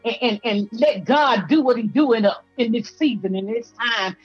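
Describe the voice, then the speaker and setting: A woman's voice: fairly high pitch, normal speed, husky, lo-fi sound, soft background music. A woman preacher from Georgia, giving a fervent, rhythmic testimony with repetitions, her voice teary and breaking at times. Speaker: apostle, guest preacher.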